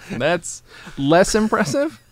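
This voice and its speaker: Animated, playful podcast co-host man. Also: high voice. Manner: rambling, self-mocking, playful put-on voices. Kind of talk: casual comedic chat.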